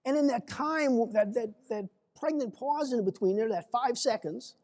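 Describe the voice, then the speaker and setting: A man quoting a blunt army instructor in a keynote story, voicing him in a lower, quieter, clipped voice. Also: animated, normal speed, long reverb tail. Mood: blunt, encouraging. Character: blunt male army instructor, tough but encouraging.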